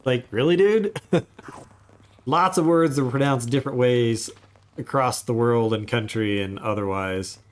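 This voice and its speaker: A man's voice: medium pitch, steady tone, unhurried. A man chatting casually while he livestreams a game, rambling into asides as he plays. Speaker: gaming streamer.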